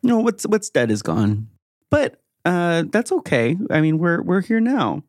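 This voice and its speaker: A cheerful male cult leader who shrugs off every problem with easy, noncommittal chatter, voiced by the game master. The voice sits at a middling pitch, recorded close and dry with no room around it. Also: sing-song, unhurried, darkish tone, no echo. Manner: breezy, laid-back and noncommittal, with laughs.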